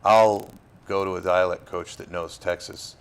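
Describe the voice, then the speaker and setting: A man's voice: deep voice, level tone, a little slow, gravelly, clear, resonant tone. A man from Florida, an actor being interviewed, talking in a loose, rambling way with fillers and restarts. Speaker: actor, guest. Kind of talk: casual interview.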